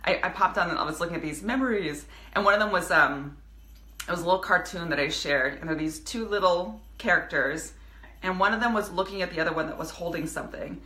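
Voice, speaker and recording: A woman's voice: fairly low pitch, fast, pushed and bright, reverberant. A woman in her thirties, a business coach speaking earnestly to her viewers in a live video, with many restarts. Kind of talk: casual motivational live video.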